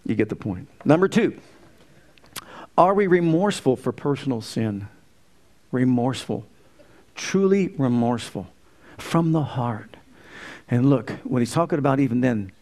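A man's voice: medium pitch, a little mellow. A middle-aged man preaching a sermon, folksy and humorous, asking the congregation rhetorical questions. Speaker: pastor.

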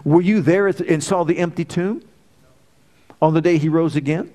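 A middle-aged man delivers a sermon in a fairly high voice. He leans on rhetorical questions and swings from loud, ringing lines to hushed, quiet asides. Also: moderate pace. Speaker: preacher.

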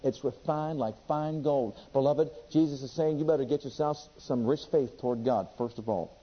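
A man preaching a sermon with passion, reading scripture aloud and swinging between loud and hushed delivery. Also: medium pitch, normal speed, husky, big-room sound. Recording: dull lo-fi sermon recording.

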